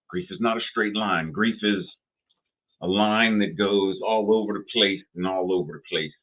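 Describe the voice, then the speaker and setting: A man giving a sermon, deliberate and repetitive, asking rhetorical questions. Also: lowish voice. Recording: tinny phone-like sound.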